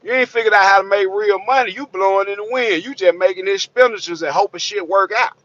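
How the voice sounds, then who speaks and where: This trucker's high-sitting, slightly bright voice rattles off a fast, unscripted rant to camera, crude and streetwise, preaching and repeating itself. The lo-fi audio sounds dull, with no room sound.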